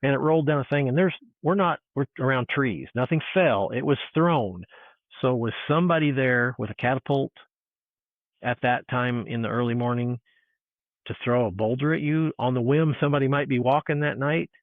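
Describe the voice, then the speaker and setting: A man telling a personal encounter story in casual chat, animated and full of restarts, acting out what people said. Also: medium pitch, normal speed, no echo. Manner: animated storyteller, restarts, acts out quoted dialogue. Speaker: guest. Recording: tinny phone-like line.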